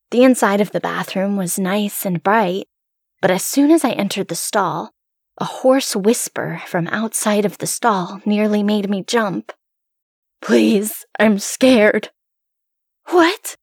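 A woman reading a first-person horror story aloud, hushed and suspenseful. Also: mid-range voice, slightly rough, dry recording, clean studio sound.

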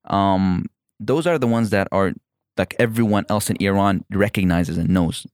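In a relaxed interview chat, this Emirati guest comedian, a native Evazi Persian speaker, keeps things playful and animated, frequently cutting himself off to start sentences over. He speaks at a normal speed in a fairly low voice, captured close and dry without echo.

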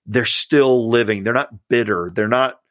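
A man's voice: medium pitch, measured pace, dry recording, studio quality. Earnest man telling stories. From Georgia, US. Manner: earnest storytelling, warm about mentors. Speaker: pastor and podcast guest. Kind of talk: casual interview chat.

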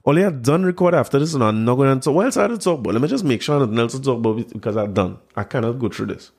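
A man's voice: mid-range voice, animated, rapid-fire, gravelly, darkish tone, husky. A man, mocking a news article he reads aloud, incredulous and laughing at it. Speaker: commentator reacting to a news article. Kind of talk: mocking commentary on a news story.

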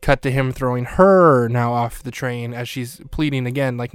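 A man hosting a podcast, recapping a scene in a casual way with wry, deadpan asides. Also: medium pitch, moderate pace, smooth, no echo. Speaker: podcast host.

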